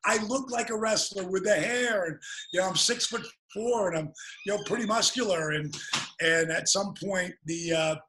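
A man telling animated stories as an interview guest, with quick restarts. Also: high-pitched, poor audio. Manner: animated, fast-moving storyteller with restarts. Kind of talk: interview storytelling.

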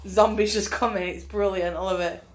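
A woman's voice: medium pitch, steady tone, moderate pace. A woman co-hosting a casual film chat, teasing her friends with sweary banter. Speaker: podcast co-host.

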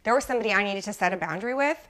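A woman's voice: medium pitch, animated, very fast, fairly bright tone. Mom coach lady talking live, chatty, keeps saying right and like, says hi to viewers. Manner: chatty, keeps asking "right?" and uses lots of "like"; greets viewers by name mid-talk. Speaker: mom life coach hosting a live show. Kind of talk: casual coaching talk on a live stream.

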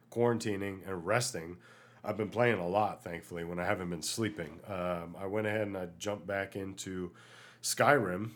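A man hosting a solo podcast, chatting casually and ranting in an animated way, with many fillers, while getting over an illness. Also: low voice. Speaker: podcast host.

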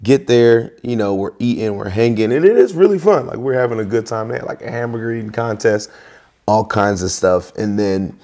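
A young man, a podcast guest and worship leader, telling a story casually in an animated, slangy way. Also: medium pitch, brisk.

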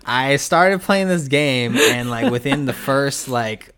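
A man casually chatting as a podcast co-host, rambling with many restarts and animated retellings. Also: mid-range voice, takes it slowly, clean tone. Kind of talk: casual chat.

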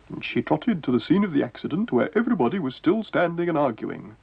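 A man narrating a children's story in a gentle, measured way, with a gravelly, husky voice. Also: on the high side, sing-song. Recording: tinny lo-fi 1970s TV audio with faint music.

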